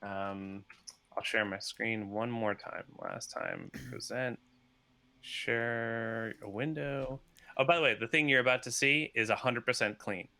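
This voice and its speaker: A man, a software developer, chatting as a podcast guest over a video call, laughing often and talking in quick rambling bursts. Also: medium pitch, steady tone. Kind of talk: casual video-call chat.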